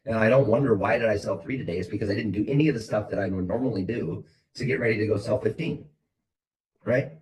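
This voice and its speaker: Blunt low-voiced man coaching salespeople. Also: fast talker, darkish tone, low-quality recording. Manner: blunt, motivational, repetitive. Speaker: sales team leader.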